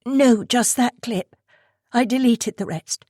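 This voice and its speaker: A woman voicing a nervous, eager young woman who rushes and stammers her words in an audiobook. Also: fairly high pitch, darkish tone, no echo, clean studio sound, voice pushed up. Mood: flustered eager.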